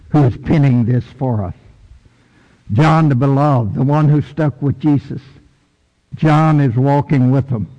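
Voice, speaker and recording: A man preaching a sermon in a church, folksy and emphatic, with sudden high bursts for stress. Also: warm tone. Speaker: pastor. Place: church sanctuary. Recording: long echo of a big hall.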